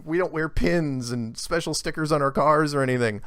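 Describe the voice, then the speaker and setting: A man telling an animated, rambling story in casual conversation, with many restarts. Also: fairly high pitch, brisk, smooth, no echo, clean studio sound. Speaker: guest speaker.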